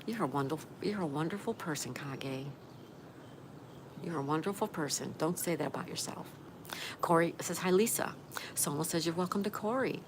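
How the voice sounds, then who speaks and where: A woman's voice: sits low, expressive, normal speed, noisy background. Chatty woman reading live chat. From Florida. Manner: chatty, reads out viewer names and messages. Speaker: livestream host. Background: rain ambience.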